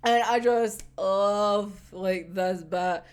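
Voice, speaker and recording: A woman, hosting a casual episode discussion, animated, laughing often and swearing freely. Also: medium pitch, drawn-out words, smooth. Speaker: anime reaction host.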